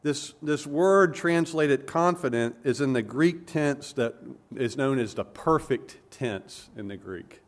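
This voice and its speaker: A man preaching an expository sermon, earnest and emphatic, pausing to explain and correcting himself as he goes. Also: medium pitch.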